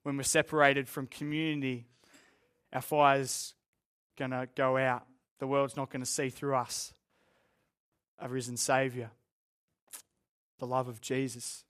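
A man's voice: medium pitch, little pitch movement, measured pace, long pauses, a bit bright, clean tone. Earnest young Australian man preaching. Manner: earnest, candid and self-deprecating, with joking asides. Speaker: pastor. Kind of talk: sermon. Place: church room with a live congregation.

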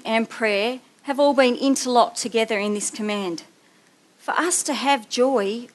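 A woman preaching a sermon, telling a family story with animated voices before reading scripture. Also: fairly high pitch. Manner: animated storytelling, acting out a child's voice.

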